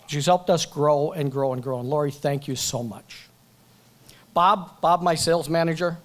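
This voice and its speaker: A man's voice: fairly high pitch, normal speed. A man giving a joking, chatty acceptance speech at a banquet event, talking into a microphone and going off script. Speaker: award recipient.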